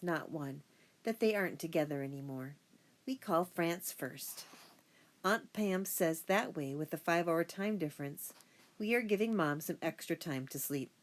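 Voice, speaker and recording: A woman narrating a first-person children's audiobook in a steady storytelling voice. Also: lowish voice.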